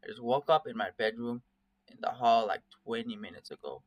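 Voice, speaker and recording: A man's voice: medium pitch, brisk, lightly acted. A man doing a stammering nervous furry creature. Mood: confused. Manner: stammering, hushed, anxious. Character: nervous young male furry creature, jittery and confused.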